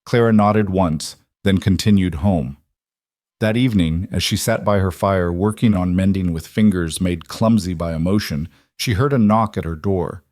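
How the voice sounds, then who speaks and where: A man giving scripted, measured narration of a story. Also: deep voice, a little mellow, dry recording, studio quality.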